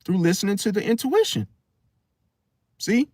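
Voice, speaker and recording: A man's voice: high-pitched, moderate pace, no echo, studio quality. A man hosting an astrology talk, speaking casually with slang and acting out other people's thoughts. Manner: animated, slangy, acts out inner voices. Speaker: astrology channel host. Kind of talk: casual spoken monologue.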